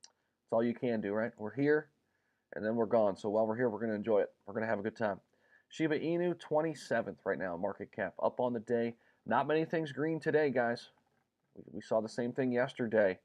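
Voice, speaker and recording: A man's voice: lowish voice, darkish tone, highs cut off. Man, livestream host, casual, upbeat, chatty, lots of fillers. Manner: chatty, upbeat, greets viewers by name; frequent ums and uhs.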